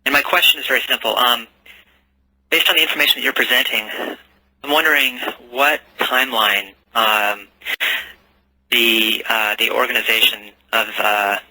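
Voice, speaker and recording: Male caller, hesitant, piercingly bright tone, dry sound. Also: medium pitch, steady tone, moderate pace, no echo, poor audio. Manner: hesitant, many ums. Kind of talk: call-in question.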